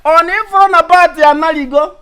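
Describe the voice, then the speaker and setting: A man's voice: very high voice, steady tone, a little fast, bright, forceful tone. An actor with a Nigerian accent playing a boastful village man who coaxes a crying woman and brags about riches abroad. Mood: coaxing. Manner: smooth-talking, coaxing, repeats "baby". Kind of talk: Nollywood comedy acting.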